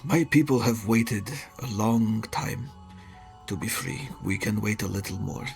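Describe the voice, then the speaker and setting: A man voicing a calm old leader of freed prisoners, speaking slowly in a put-on accent. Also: fairly low pitch, vocal fry, soft background music. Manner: slow, measured speech in a put-on accent.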